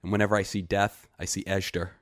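A frightened, desperate young village man pleading earnestly, as a male reader voices him. The voice is very low and stays near the reader's own. It is a storybook reading with a dry, close sound. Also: little pitch movement, fast talker, no room sound, natural voice.

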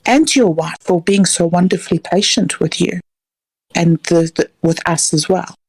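A woman's voice: fairly low pitch, normal speed, darkish tone, slightly rough, no echo. A woman calling in to a radio show, speaking in an earnest, emotional way. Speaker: caller. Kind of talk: heartfelt call-in tribute.

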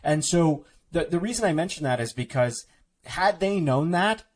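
A man's voice: a little high, expressive, normal speed, slight background noise. A man talking as an author guest in a podcast interview, explaining at length with many restarts and filler words.

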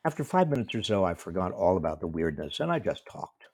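Low husky older man telling a story. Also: very animated, a little mellow, no room sound. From small-town New York State. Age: 70s. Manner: wry, reflective, measured storytelling. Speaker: professor and commentator. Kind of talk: storytelling monologue.

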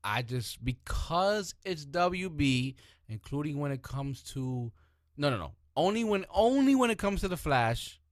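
Animated man, dry close mic. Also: a little high, unhurried, no echo. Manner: animated, swearing, acts out characters. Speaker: podcast co-host. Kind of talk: casual chat about TV shows.

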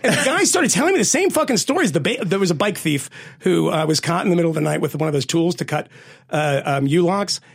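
A man co-hosting a podcast, telling stories in an animated, profane way and laughing as he goes. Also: on the high side, fast talker, gravelly. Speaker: podcast co-host. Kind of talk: casual storytelling chat.

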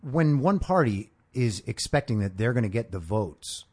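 A man in a casual podcast chat whose pitch rises and falls in a lively way. He presses his points emphatically and eagerly builds on what his guest says. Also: normal speed, husky. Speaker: podcast host.

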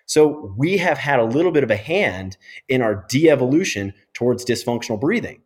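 A middle-aged man, a physiotherapist guest on a podcast interview, explaining in an animated and emphatic way. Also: medium pitch, normal speed.

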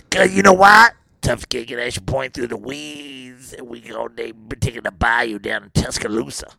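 Comic impression: a man playing a rowdy gravelly coach, bright tense rasp, dry close sound. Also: mid-range voice, moderate pace, dry recording, heavily acted. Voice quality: gravelly, raspy. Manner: brash, boastful, rambling with bursts of shouting. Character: gravelly Cajun football coach, brash and rowdy. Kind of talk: comedic impression in a mock interview.

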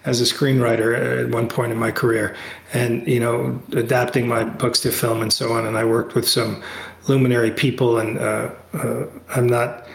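Middle-aged guy on a video call, rambly animated storytelling, roomy echo. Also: moderate pace, vocal fry. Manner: animated, restarts often, voice jumps high when excited. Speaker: guest, author and Tai Chi teacher. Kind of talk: casual storytelling in an interview.

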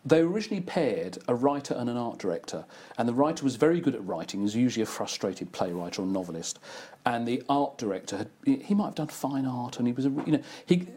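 Ad creative, husky, lively pitch, anecdotal chat. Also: male voice, fast, hardly any pauses. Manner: anecdotal storyteller, animated delivery. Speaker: advertising creative who casts voice actors. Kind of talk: casual conversation.

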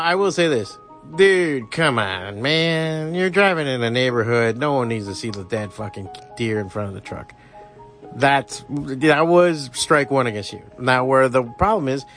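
A man's voice: mid-range voice, fairly bright tone. Profane, heated man ranting on a podcast. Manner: heated, sarcastic, swears constantly. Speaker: podcast host.

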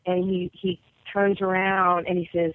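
A woman's voice: on the low side, flat delivery, a little slow, no room sound. Woman, from New York, basketball coach, guest storyteller, acts out quotes, tinny phone line, dry. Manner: vivid storyteller who acts out quoted voices. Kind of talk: personal storytelling in an interview.

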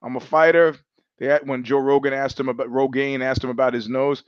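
A man hosting a podcast, talking in a casual monologue. He is an animated storyteller who acts out quoted voices, swears freely and often restarts his sentences. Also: medium pitch, fairly quick, clean tone, dry recording, highs cut off. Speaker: podcast host.

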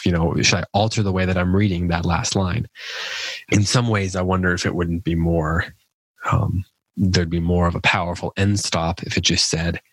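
A man's voice: low voice, fairly bright tone, slightly rough, dry recording, low-quality recording. A man hosting a poetry podcast, thoughtfully explaining a poem and reading it aloud, with frequent restarts. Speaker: podcast host.

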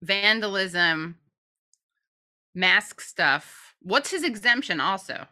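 A woman's voice: medium pitch, expressive, takes it slowly, pushed and bright. A woman co-hosting a casual commentary chat, blunt and profane, joking as she reacts. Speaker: co-host.

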